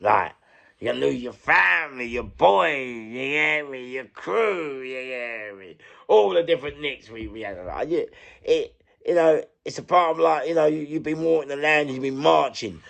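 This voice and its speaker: A man's voice: mid-range voice, lively intonation, moderate pace, gravelly, fairly bright tone. A middle-aged man with a London accent, an interview guest who tells his story in a rambling, candid way, repeating himself, searching for words and swearing freely. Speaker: interview guest, former prisoner.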